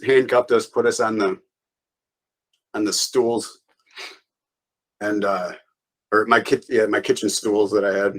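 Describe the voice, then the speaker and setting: A man of ordinary pitch speaks as an interview guest, recounting events in a casual, rambling way. He stops and restarts his sentences often and chuckles between them. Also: fairly even intonation, normal speed, pauses often, rough recording. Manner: loose and rambling, frequent restarts and laughs.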